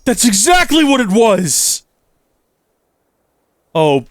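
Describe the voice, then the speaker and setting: A man's voice: fairly high pitch, a little slow, pauses often, dry recording. A man hosting a gaming channel, giving let's play commentary and exclaiming and talking to himself as he plays. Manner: animated, exclaims and talks to himself while playing.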